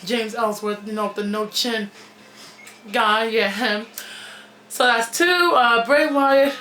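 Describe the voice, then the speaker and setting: A woman with a fairly high, bright voice gives her blunt, outspoken take on a wrestling event, casual and unfiltered, swearing freely. She is recorded in a gym, and the room echoes noticeably around her. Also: slight background noise. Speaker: wrestling reviewer. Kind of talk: casual opinionated review.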